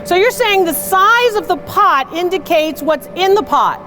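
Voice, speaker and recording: A woman with a very high voice works a crowd as an antiques appraiser, brash and quick with her teasing banter. A faint hiss of background noise sits under her. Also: animated. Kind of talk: live comedic appraisal show with audience.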